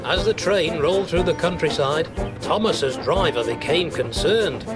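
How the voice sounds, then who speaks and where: A man giving an expressive, measured storybook narration. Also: a little high. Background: music.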